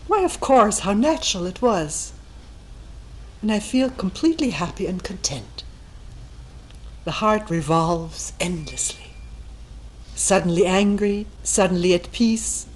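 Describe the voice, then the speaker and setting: A woman meditation teacher giving a calm, thoughtful talk, reading a text aloud and commenting on it. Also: a little hiss or hum, poor audio. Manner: calm and thoughtful, acting out quoted voices with raised pitch. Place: retreat meeting room.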